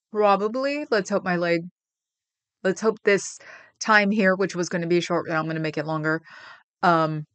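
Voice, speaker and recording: A woman's voice: fairly low pitch, clear, resonant tone, dry recording. A woman hosting a livestream, chatting casually and rambling with viewers, getting emotional about her pets. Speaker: livestream host.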